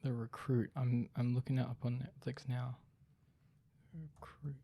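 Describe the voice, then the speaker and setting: A man's voice: medium pitch, monotone, moderate pace, warm tone. A young man co-hosting a podcast, chatting casually and thinking aloud with lots of fillers. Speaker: podcast co-host. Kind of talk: casual chat.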